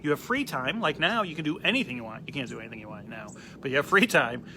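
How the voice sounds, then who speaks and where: A comedian telling a funny story in a casual, animated way, acting out the quoted lines. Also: male voice, a little high, quick pace, slight background noise.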